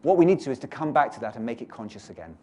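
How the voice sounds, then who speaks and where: Mellow British man giving a teaching workshop. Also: mid-range voice, very animated, racing, a little hiss or hum. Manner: explanatory, addresses live audience with exercises. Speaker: teacher trainer. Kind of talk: workshop lecture.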